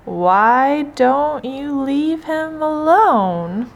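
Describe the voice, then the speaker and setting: A woman voicing a slow, sensible turtle in a storybook read aloud, drawing out each word. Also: sits high, lively intonation, creaky, full character voice. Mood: reasonable. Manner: slow, drawling.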